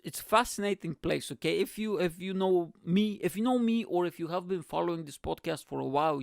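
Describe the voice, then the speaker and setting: A man's voice: a little high, gravelly, no echo, clean studio sound. A man from Eastern Europe hosting a comedic podcast monologue, talking in a brash, profane way and calling listeners bro. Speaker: podcast host.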